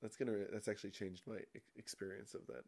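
A man guesting on a podcast in casual chat, rambling into absurd jokes with a deadpan delivery. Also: on the low side, fast.

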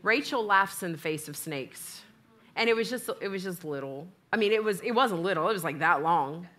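Speaking at a moderate pace in a lowish voice, a woman delivers a church sermon. She relates a comical personal experience, vividly performing both halves of the conversation.

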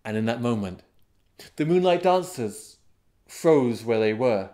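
A man telling a folk tale as a storyteller, unhurried and dramatic, with sudden swells of excitement. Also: mid-range voice. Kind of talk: storytelling narration.

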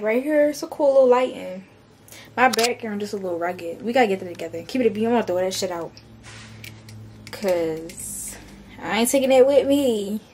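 A young woman chatting casually in a vlog about her day and her small business, slangy and cursing freely. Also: fairly high pitch. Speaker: vlogger and small business owner.

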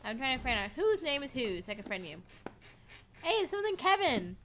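A chatty, giggly woman talks through a live game stream, her voice a bit high. Her mic picks up clear background noise and clicks. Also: sing-song, brisk, fairly bright tone. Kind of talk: casual live-stream chat.

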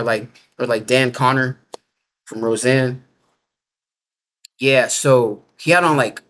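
Speaking as an interview guest, a man recounts his story in a rambling, casual manner, packed with filler words like "like" and loose grammar. His mid-range voice sounds a bit bright.

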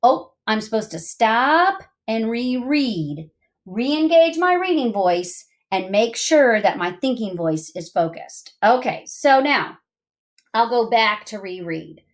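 A middle-aged woman teacher giving a remote reading lesson to young children, thinking aloud in an expressive, sing-song way. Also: a little high, slow pace.

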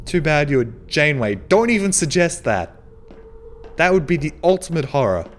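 A man's voice: on the high side, very animated, moderate pace, slight background noise. A man giving profane, joking commentary while playing a horror game, yelping when startled. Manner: profane, jokey, yelps in surprise. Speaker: let's play host. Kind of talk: gaming commentary.

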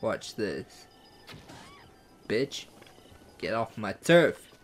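Let's play commentator, excitable, profane, self-mocking, slow delivery, animated swings in pitch. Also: soft background music. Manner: excitable, swears a lot, goofy self-mocking. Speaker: gaming YouTuber.

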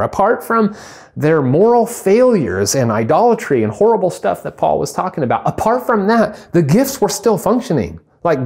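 Animated man preaching a sermon. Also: on the high side. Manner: animated preaching, acts out comic voices. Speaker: pastor.

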